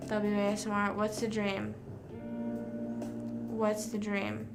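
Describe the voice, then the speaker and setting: A woman's voice: mid-range voice, completely flat delivery, slow, loud music behind the voice. A woman live streaming in casual chat, rambling and venting with casual swearing.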